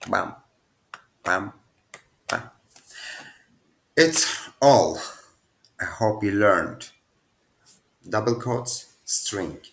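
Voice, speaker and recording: A man's voice: on the low side, creaky. A young man with non-native phrasing, casually talking through programming quiz answers at his computer. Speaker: programming teacher. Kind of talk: casual screen-share tutorial.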